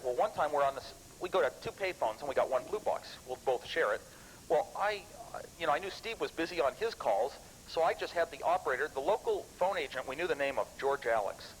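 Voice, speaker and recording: A man in his thirties giving an animated, rambling talk of anecdotes to a live club audience, often restarting his sentences. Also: fairly high pitch, slight background noise, poor audio. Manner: lively storyteller, animated and chuckling. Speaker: guest speaker at a computer club.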